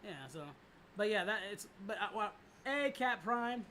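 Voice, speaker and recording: A man's voice: sits high, moderate pace, sharp tone, a little hiss or hum. A young man hosting a casual livestream, rambling with many fillers and restarts and swearing freely. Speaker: livestream host and voice director.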